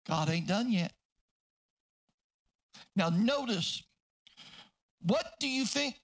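A man's voice: high voice, animated, slow, long pauses. Fervent preaching man. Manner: fervent, repetitive, bursts into shouting. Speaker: pastor. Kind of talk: sermon.

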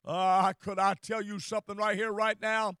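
A man preaching a fervent sermon, repeating phrases and rising to shouts. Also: high-pitched, little pitch movement, normal speed, clean tone, dry recording.

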